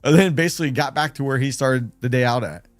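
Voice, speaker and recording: A man hosts a late-night trading livestream, chatting casually and rambling with self-deprecating humor. His mid-range voice moves at a quick pace, and faint music plays behind him.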